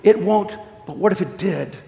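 A preacher voicing a firm, steady male angel who keeps pressing his question, in an echoey hall. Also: sits high, moderate pace, creaky, voice pushed up. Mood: insistent. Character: calm, insistent burning male angel. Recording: echoey hall, roomy reverb.

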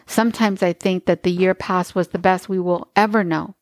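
A woman's voice: lowish voice, steady tone, moderate pace, no echo, close to an everyday voice. A woman reading aloud as a poor young mother who speaks with doubt and bitterness. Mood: doubtful.

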